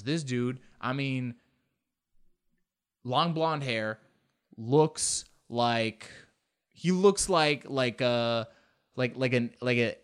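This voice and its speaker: A young man hosting a casual solo chat, rambling and self-mocking, with loose slang and lots of fillers. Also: medium pitch.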